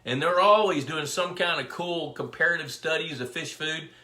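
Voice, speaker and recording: A middle-aged fisheries biologist hosts a casual live pond Q&A stream from an indoor room with his dog, rambling through stories and greeting viewers by name. His voice is fairly high, pushed and bright at a moderate pace, and the room sounds echoey.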